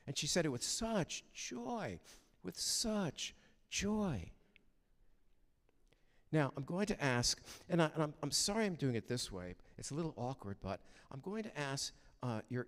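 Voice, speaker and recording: An older man giving a heartfelt, storytelling chapel talk at a university, animated and prone to halting restarts. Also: mid-range voice. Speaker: guest chapel speaker. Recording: reverberant chapel hall.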